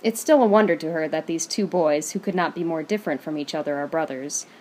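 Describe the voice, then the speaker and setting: A woman reading fan fiction aloud in a steady, even storytelling manner. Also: sits low, quick pace.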